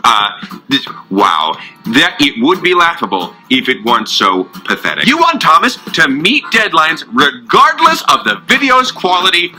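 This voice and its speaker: A man voicing a stiff, logical character who answers with clipped, precise, deadpan disdain. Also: on the high side, measured pace, faint music behind, full character voice, rough recording. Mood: dry disdain.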